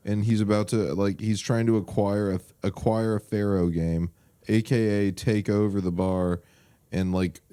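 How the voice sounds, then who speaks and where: Low mellow-voiced young man rambling. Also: fairly even intonation, measured pace, clean tone, dry recording, studio quality. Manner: swearing, rambling storyteller. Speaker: podcast co-host. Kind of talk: casual chat.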